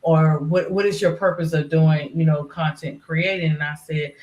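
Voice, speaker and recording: A woman's voice: sits low, fairly even intonation, moderate pace, few pauses, roomy sound. A middle-aged woman who is a regular on a livestream panel, talking in a casual, rambling way full of fillers. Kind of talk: casual chat.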